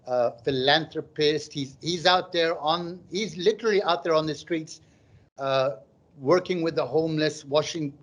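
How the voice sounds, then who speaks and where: A middle-aged man doing stand-up comedy on a live online stream. He chats and jokes and reads out viewers' comments. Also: fairly high pitch. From Malaysia.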